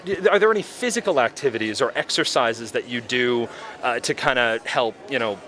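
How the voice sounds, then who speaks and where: A man's voice: mid-range voice, lively intonation, brisk, sharp tone. A man interviewing a guest at a convention, hesitant and fumbling, with frequent restarts. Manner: hesitant, many fillers and restarts, laughs nervously.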